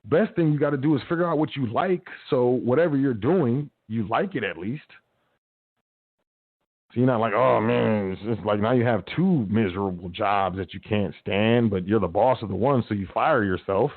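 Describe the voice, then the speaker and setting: A man's voice: medium pitch, normal speed, dry recording. A man hosting a radio show, giving casual motivational talk in a slangy big-brother tone, acting out little quotes. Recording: tinny phone-like audio.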